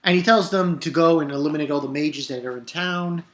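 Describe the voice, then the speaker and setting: Man, manga reviewer, casual chat, excitable, swears freely, loud outbursts. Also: a little high, brisk, a little hiss or hum. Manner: excitable and profane, bursts into loud exclamations.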